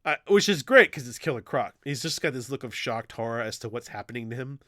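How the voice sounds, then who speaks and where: Lively man retelling a story, dry mic. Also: mid-range voice, quick pace, dry recording. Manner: animated storyteller, swears freely, acts out quotes. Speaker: podcast co-host. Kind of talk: casual chat, retelling a comic plot.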